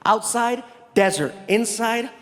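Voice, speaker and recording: A man in his thirties from the United States, telling a story on a theater stage, animated and shouting as he acts out characters. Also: very high-pitched, slow. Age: 30s. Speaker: stand-up comedian. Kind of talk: stand-up comedy storytelling. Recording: live comedy venue with long reverb and faint noise.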